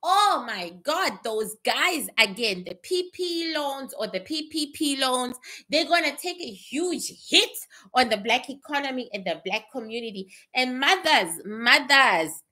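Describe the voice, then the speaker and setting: A woman's voice: sits high, a little slow. A woman psychic giving blunt, swearing predictions, with laughing asides and questions she answers herself. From Canada. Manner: animated, asks and answers itself. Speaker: psychic reader.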